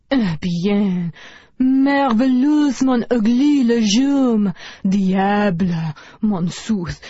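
A woman's voice: mid-range voice, warm tone, slightly rough, no echo, heavily acted. A woman voicing a teenage boy who puts on a silly mock French accent, hammy and theatrical. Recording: dull dry audiobook recording.

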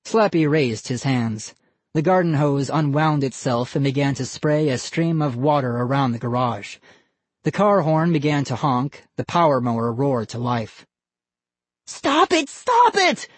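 A narrator reading a scary children's story in measured, even storytelling. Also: mid-range voice, no room sound. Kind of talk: scripted audiobook narration.

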